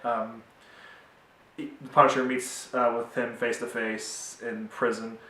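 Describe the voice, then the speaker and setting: A man's voice: mid-range voice, flat delivery, a little slow, bright, forceful tone, far from the mic. A young man giving a casual, rambling TV review with many fillers, recorded at home in a roomy space away from the mic. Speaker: TV show reviewer.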